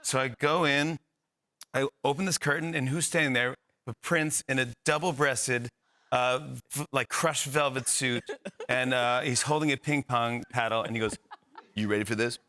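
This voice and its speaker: A man's voice: medium pitch, moderate pace, no room sound. A man guesting on a TV talk show, animatedly telling a funny anecdote and acting out the dialogue. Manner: animated storyteller, acts out dialogue. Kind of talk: comic anecdote. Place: TV studio.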